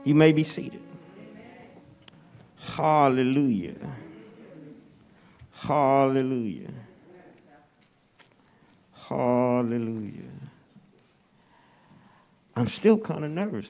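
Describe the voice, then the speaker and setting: Slow, stammering guest preacher in church. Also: male voice, on the high side, animated. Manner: stammering repeats, conversational, folksy. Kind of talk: Baptist sermon. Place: church sanctuary.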